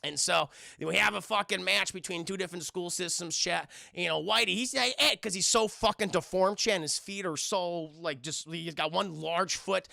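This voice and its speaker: A man's voice: sits high, normal speed, gravelly, hardly any pauses, sharp tone, no echo, clean studio sound. A man casually reviewing a film on a livestream, rambling, swearing and often addressing his chat.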